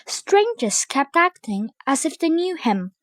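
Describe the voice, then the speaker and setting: A woman reads a children's storybook aloud with expressive, animated delivery. Her voice sits higher and she takes her time. The sound is close and dry. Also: a little slow, no echo. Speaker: narrator.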